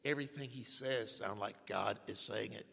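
An older man preaching a sermon as a pastor, telling humorous stories and swinging from hushed asides to loud declarations. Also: lowish voice, moderate pace, creaky, slightly rough. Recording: long hall reverb.

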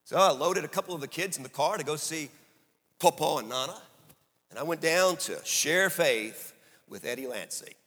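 A middle-aged man delivers a sermon story in a bright, forceful voice that sits a little high for a man. He drops to a hush and then climbs to emphatic peaks. The sound rings with the long echo of a large hall. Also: normal speed. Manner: animated, swinging from hushed to emphatic. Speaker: preacher. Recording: echoey hall.

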